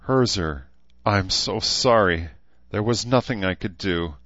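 A man's voice: on the low side, measured pace, fairly bright tone, dry recording, dull audio. A man reading a guilt-ridden young man who speaks hesitantly and apologetically, in an audiobook. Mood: apologetic.

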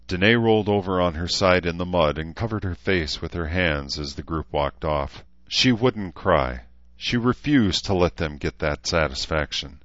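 A man narrating a novel as an audiobook in an even, measured reading. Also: deep voice, no echo, dull audio. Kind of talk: scripted narration.

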